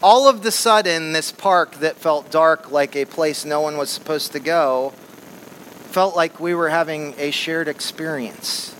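A man from Flint, Michigan, telling an animated and humorous personal story to a live audience in a large hall. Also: a little high, unhurried, slight background noise. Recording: long hall reverb.

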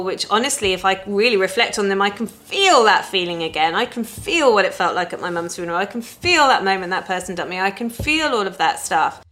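A woman's voice: medium pitch, fairly bright tone. A woman talks in a reflective, personal way. Her tone is candid and conversational, with casual swearing woven into an easy, thinking-aloud flow.

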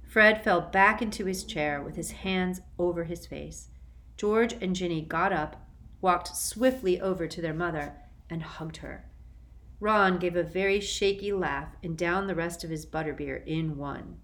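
A woman narrating a storybook in a measured, even way. Her voice sits fairly low, and she keeps an unhurried reading tone through the narration. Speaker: audiobook narrator.

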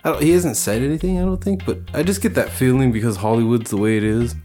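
A man's voice: medium pitch, fast, mellow, faint music behind. A man co-hosting a casual podcast chat, rambling and swearing with lots of filler words. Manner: rambling, profane, many filler likes.

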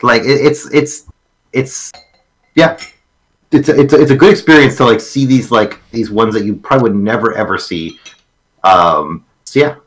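A man co-hosting a live stream, speaking casually and haltingly with many restarts. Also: medium pitch. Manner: halting, repeats words, lots of filler. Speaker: co-host.

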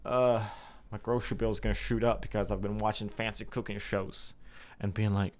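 A man's voice: flat delivery, fairly quick, darkish tone. A young man talking candidly to his viewers, rambling and self-deprecating, with many restarts and some swearing. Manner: puts on anxious inner voices in a sudden high pitch. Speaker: vlogger. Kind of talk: candid personal monologue to camera.

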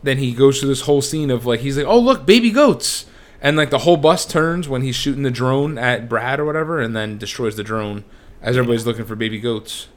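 A man's voice: mid-range voice, steady tone, fast talker. A man co-hosting a podcast, retelling movie scenes in chatty, casual talk full of fillers. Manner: chatty, filler-heavy storytelling. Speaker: podcast co-host. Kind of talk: casual movie recap chat.

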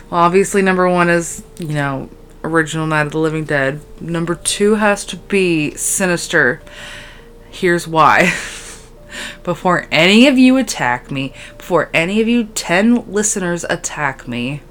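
A young woman hosting her podcast while badly short on sleep, her voice sitting low and her talk unhurried. She rambles, cuts sentences short and leans on filler words. A faint hiss runs under her close-mic voice. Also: fairly bright tone. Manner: rambling, scatterbrained, valley-girl fillers. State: sleep-deprived, tired. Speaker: podcast host. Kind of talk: casual solo podcast chat. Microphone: podcast microphone.

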